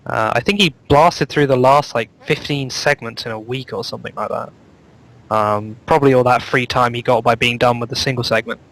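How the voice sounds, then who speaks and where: A man's voice: medium pitch, brisk, a bit bright, low-quality recording. Rambling joking man on a voice call. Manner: rambling, joking, lots of fillers. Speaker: co-host reading out new speedruns. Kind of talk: casual live chat show.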